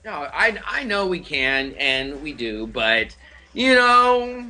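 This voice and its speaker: A man's voice: on the high side, very animated, takes it slowly, bright, forceful tone. A man hosting a live-stream show, chatting casually, laid-back and profane, laughing often. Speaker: host.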